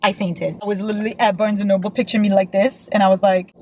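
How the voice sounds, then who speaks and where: A young woman gushes about her current read in a casual vlog, excitable and quick to laugh, dropping the odd swear word. She talks from inside a parked car, and a faint noise hangs underneath her. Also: mid-range voice, rough recording. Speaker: book vlogger. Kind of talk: casual read-along book chat.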